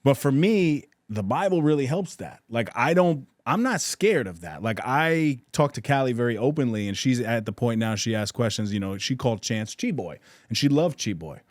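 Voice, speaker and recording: A man's voice: mid-range voice, lively intonation, normal speed, few pauses, no room sound, studio quality. A man in casual podcast conversation, talking in an earnest, reflective way with frequent restarts and self-corrections.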